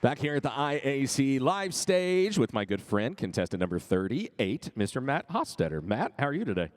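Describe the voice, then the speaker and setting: A man's voice: mid-range voice, sing-song, normal speed. A man interviewing contestants at a live event stage, upbeat and chatty.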